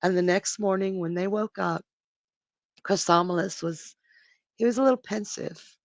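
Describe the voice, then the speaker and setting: A storyteller on a live stream, narrating a myth dramatically, with pauses and restarts. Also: mid-range voice, fairly even intonation, no room sound.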